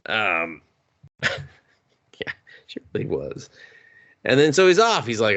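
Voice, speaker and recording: A man's voice: lowish voice, very animated, takes it slowly, pushed and bright. A man co-hosting a podcast, recapping a movie in casual chat, swearing freely and acting out the characters' lines. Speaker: podcast co-host.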